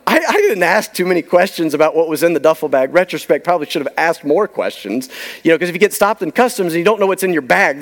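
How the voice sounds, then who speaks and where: Man, high pitch, pastor, emphatic sermon storytelling, trails into near-whispers.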